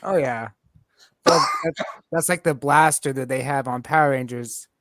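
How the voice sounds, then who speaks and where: A man with a mid-range voice hosts a relaxed interview and asks his guest easygoing, fan-style questions. His voice sounds dry and close, with no room echo. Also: medium pitch, moderate pace. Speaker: podcast host. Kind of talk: casual interview.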